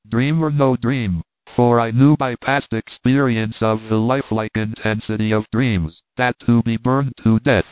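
A man reading a first-person story aloud in a wry, lively storytelling manner. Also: medium pitch, no echo. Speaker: audiobook reader. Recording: dry phone-like sound.

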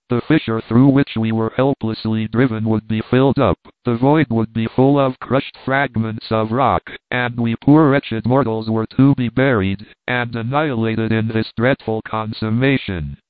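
A man reading a classic adventure novel aloud in a measured, dramatic first-person narration. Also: fairly low pitch, dry recording. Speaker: audiobook reader. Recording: dry, phone-like narrow sound.

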